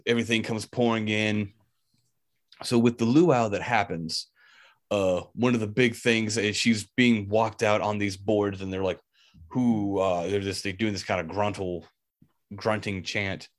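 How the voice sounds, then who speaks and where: A man co-hosting a casual movie discussion podcast, laughing often and acting out lines from scenes. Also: lowish voice. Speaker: podcast co-host.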